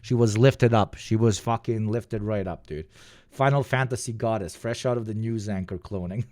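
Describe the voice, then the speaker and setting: A male streamer giving live reaction commentary in a rambling, profane stream of talk. His voice sits at a medium pitch and sounds dry and close to the mic. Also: moderate pace, darkish tone, no echo. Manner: rambling, profane, laughing asides.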